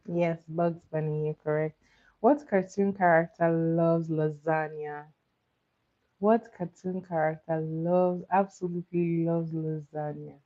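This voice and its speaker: A young woman hosting a casual cartoon trivia quiz, who laughs often and repeats her questions slowly. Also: deep voice, fairly even intonation, narrow, tinny audio. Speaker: quiz host.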